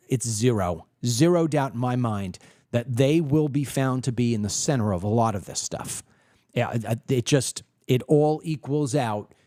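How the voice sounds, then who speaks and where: A man hosting a political podcast, giving opinionated commentary and acting out quoted people in an animated storytelling way. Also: medium pitch, no echo, studio quality.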